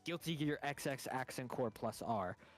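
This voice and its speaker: A man's voice: mid-range voice, expressive, normal speed, soft background music. A man co-hosting a game stream in casual chat, nerdily explaining game lore at length with small chuckles.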